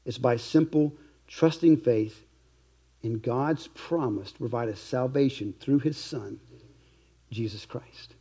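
A man preaching a sermon as pastor, earnest, slowing down to stress key phrases and sometimes dropping to a hush. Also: medium pitch, breathy edge. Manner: earnest preaching, slow emphatic stresses, softening to a hush at times.

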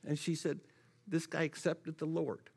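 A man's voice: a little high, unhurried, vocal fry, husky. A man speaking to a congregation, telling stories in a sermon and often repeating words as he goes. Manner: repeats words when excited. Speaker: church speaker for the Gideons. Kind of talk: sermon with storytelling.

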